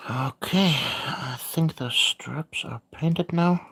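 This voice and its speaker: Slow, halting woman livestreamer. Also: low-pitched, vocal fry, fairly bright tone, slightly rough. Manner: hesitant, with frequent filler pauses. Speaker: miniature painting streamer. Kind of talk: casual livestream chat while painting.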